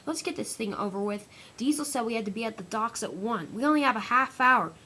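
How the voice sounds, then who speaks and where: A woman's voice: expressive, fairly quick, bright, forceful tone, a little hiss or hum. A woman doing a sarcastic surly diesel engine. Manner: sarcastic, low-key.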